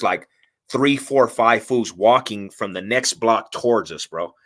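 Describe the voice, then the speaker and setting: Bright-voiced man telling a wild story. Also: lowish voice. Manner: animated, slangy, profane, acts out quotes. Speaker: podcast guest. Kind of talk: casual storytelling.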